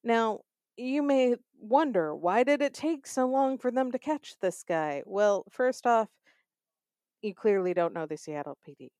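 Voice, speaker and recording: A woman's voice: fairly high pitch, lively intonation, measured pace, a little mellow, no room sound, clean studio sound. A young woman hosting a true crime podcast, telling the story in a sarcastic, conversational way. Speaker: podcast host.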